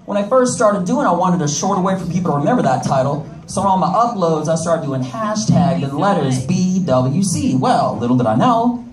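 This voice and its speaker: A man's voice: sits high, expressive, brisk, echoey room, far from the mic, over music, low-quality recording. A man doing a stand-up comedy set, with brash joking asides to the audience. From United States. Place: comedy club stage.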